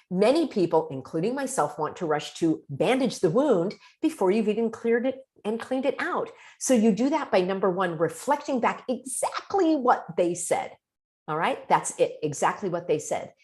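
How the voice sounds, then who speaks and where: A woman hosting a casual advice talk, acting out quoted reactions as she explains. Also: medium pitch. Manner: animated, acts out quoted reactions. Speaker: host.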